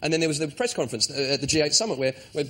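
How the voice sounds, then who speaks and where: A man with a raspy, slightly high voice tells a comic story on a panel show. He slips into the voices of the people he is describing, with an animated delivery. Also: very fast. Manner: animated, acts out quoted voices. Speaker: comedy panellist.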